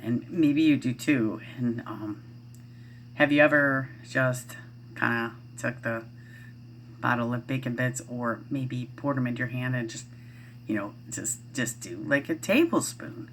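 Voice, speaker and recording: A woman's voice: very deep voice, measured pace, slight background noise. A middle-aged woman vlogging at home, chatting casually in a rambling way with lots of fillers and restarts. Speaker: parent vlogger. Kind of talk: casual chat to camera.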